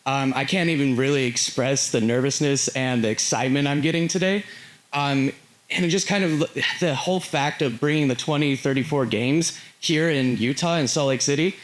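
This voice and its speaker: A man's voice: medium pitch, normal speed. An eighteen-year-old young man, an athlete, giving earnest, slightly nervous remarks at a public event. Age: teens. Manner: earnest, uses "like" and "just".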